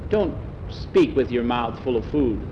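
A man voicing a gentle farm wife who speaks in a hushed, kindly way. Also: mid-range voice, expressive, unhurried, lo-fi sound, slight background noise, natural voice. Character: kind, quiet farm wife.

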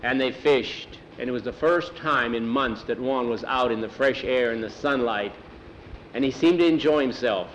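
Male storyteller, folksy unhurried narration, middle pitch, faint road noise behind. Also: lo-fi sound. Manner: plain, unhurried folksy telling. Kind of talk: oral storytelling.

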